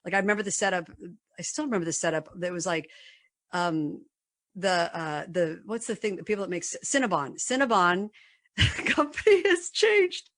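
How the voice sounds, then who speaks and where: A woman's voice: lowish voice, fairly quick, fairly bright tone, dry recording, studio quality. A middle-aged woman being interviewed, chatting casually in a rambling, self-deprecating way. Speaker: guest.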